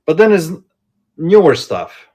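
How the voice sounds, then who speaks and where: A man hosting a casual live-stream sale from inside a shop, chatting and thinking aloud in an unhurried way. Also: a little high, very animated, dark tone, breathy edge. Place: indoors in a card shop.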